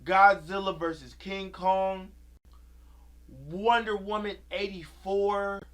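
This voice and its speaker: A man's voice: high-pitched, flat delivery, takes it slowly, a bit bright. A man giving an angry, profane rant about a movie, repeating himself as he vents. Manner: heated, profane, repetitive ranting. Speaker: video creator.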